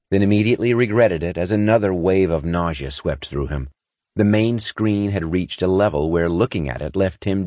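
A man reading scripted narration in a steady, measured way from a close studio mic. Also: low-pitched, no echo. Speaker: audiobook narrator. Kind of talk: scripted science fiction narration.

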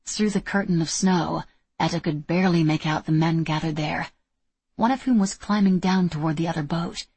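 Low breathy woman narrating a story. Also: normal speed, a little mellow, dry recording. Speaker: audiobook narrator. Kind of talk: scripted narration.

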